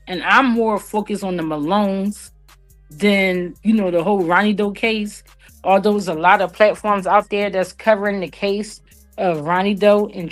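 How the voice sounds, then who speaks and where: A woman hosting a live commentary stream, talking casually and directly to her viewers. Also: medium pitch. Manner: chatty, addresses viewers directly.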